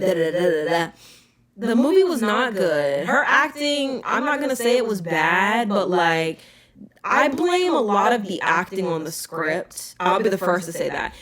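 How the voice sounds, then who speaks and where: A young woman hosting a podcast, talking casually in an emphatic, animated rant. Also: mid-range voice. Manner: animated, emphatic ranting with frequent "okay?" asides. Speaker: podcast host. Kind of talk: casual chat.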